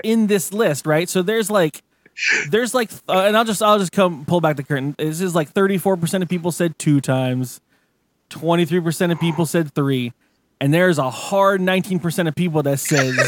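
A man co-hosting a podcast, telling stories in a loose, animated way, full of swearing and mock rants. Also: on the high side. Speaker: podcast co-host. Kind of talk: casual chat.

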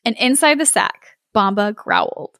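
A woman's voice: mid-range voice, huge pitch swings, a little slow, a bit bright, dry recording, clean studio sound. A young woman co-hosting a podcast, reading a fairy tale aloud with playful banter and frequent laughs. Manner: playful, laughs often between lines.

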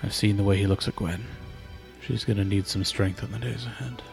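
A man voicing an old noble father and royal counselor, grave, measured and coldly pragmatic. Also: fairly low pitch, fairly even intonation, gravelly, darkish tone, soft background music.

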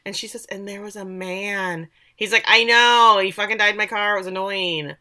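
A woman's voice: mid-range voice, steady tone, a little fast, sharp tone, smooth. A woman co-hosting a casual podcast, retelling a TV episode with blunt, sarcastic asides. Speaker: podcast co-host. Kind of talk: casual recap chat.

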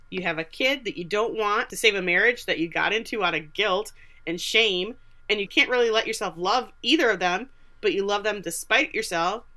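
A woman's voice: medium pitch, bright, forceful tone. A woman co-hosting a podcast, recapping a TV episode in casual chat and acting out the characters' lines. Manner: chatty, acts out quotes from the show. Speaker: podcast co-host.

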